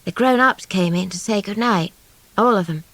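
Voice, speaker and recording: A woman narrating a novel as an audiobook in a lively storytelling manner. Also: mid-range voice, normal speed, dry recording.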